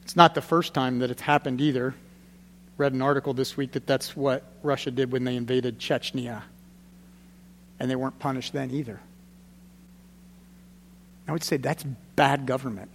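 A man preaching a sermon as pastor, conversational and emphatic, repeating his key points and dropping to a quiet, grave tone. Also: mid-range voice, fairly even intonation, moderate pace, pauses often, big-room sound, a little hiss or hum.

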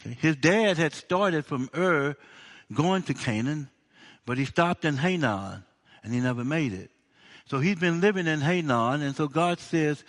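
A man's voice: on the high side, moderate pace, a bit bright. Chatty, joking male preacher. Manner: conversational, humorous, acts out dialogue. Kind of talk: sermon.

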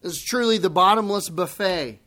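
A man preaching a sermon as pastor, swinging from hushed near-whispers to emphatic outbursts and acting out voices in conversational asides. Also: high-pitched, normal speed. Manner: acts out quoted speech in conversational asides.

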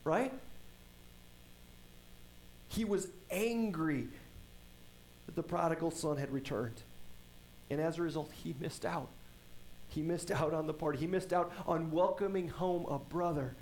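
A man's voice: on the high side, normal speed, darkish tone, slight background noise, rough recording. A male pastor preaching a sermon, retelling a story conversationally with frequent tag questions.

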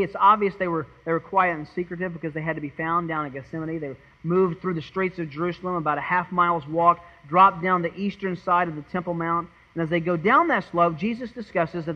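High-voiced man preaching an earnest sermon. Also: dull audio. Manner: earnest, dramatic, swings from loud to hushed; repeats and restarts words. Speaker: pastor. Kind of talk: expository sermon.

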